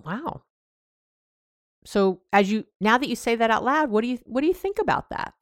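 A woman's voice: on the high side, lively intonation, normal speed, dry recording, clean studio sound. A woman hosting a podcast, giving casual advice and acting out sample lines of dialogue, with many fillers and restarts. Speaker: podcast host.

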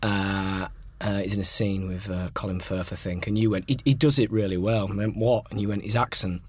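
A man's voice: fairly low pitch, steady tone, brisk, breathy edge. A man co-hosting a casual film chat, making dry, understated remarks. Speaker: podcast co-host.

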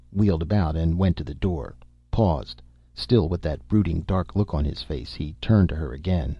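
A man narrating a story in a steady, measured reading. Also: sits low, breathy edge, no echo, highs cut off. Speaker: audiobook narrator. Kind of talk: scripted narration.

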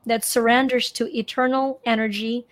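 A woman's voice: on the high side, little pitch movement, moderate pace. A middle-aged woman from Ukraine, a coach guest in an interview, talking expressively and repeating phrases for emphasis. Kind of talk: conversational interview.

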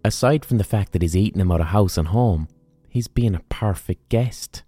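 An Irish man tells an old myth in a loose, colloquial way, swearing freely. His voice is low and very mellow. Faint music plays under him. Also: normal speed. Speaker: podcast host. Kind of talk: casual storytelling.

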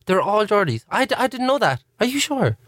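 A man's voice: high-pitched, sing-song, fairly quick, fairly bright tone, no echo, clean studio sound. A man co-hosting a casual podcast, rambling and giggling often as he talks. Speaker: podcast co-host. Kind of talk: casual chat.

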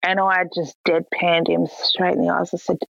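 Gravelly young woman telling a story. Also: lowish voice, normal speed, no echo. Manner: lively, animated retelling with quoted voices. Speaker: guest. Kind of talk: casual storytelling. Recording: slightly dull lo-fi recording.

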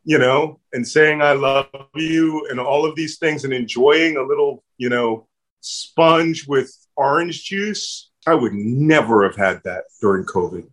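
A man's voice: mid-range voice, a little slow. A middle-aged man with a Philadelphia accent, telling stories in a conversational interview and acting out the voices he quotes. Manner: animated storyteller, acts out quoted voices. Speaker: guest.

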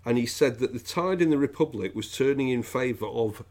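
A man's voice: medium pitch, expressive, a little fast, heavy background noise. A man hosting a podcast, chatting casually about politics in a jokey, rambling way. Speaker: podcast host.

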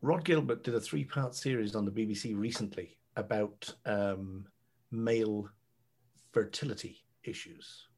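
A man's voice: fairly low pitch, unhurried, a little mellow. An Irish man chatting casually as a podcast guest, telling rambling, playful stories and swearing freely. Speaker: podcast guest, friend of host. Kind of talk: casual chat.

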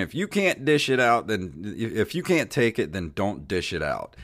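A man's voice: fairly low pitch, normal speed. A man co-hosting a podcast, telling a long anecdote in casual chat and acting out the people in it. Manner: animated, acts out voices in anecdotes. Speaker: podcast co-host. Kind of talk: casual storytelling.

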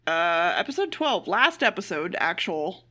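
Give me a woman with a bright voice giving a blunt, deadpan recap of an anime. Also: lowish voice, unhurried. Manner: blunt, swears freely, deadpan summaries. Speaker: podcast co-host. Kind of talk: casual comedic anime recap.

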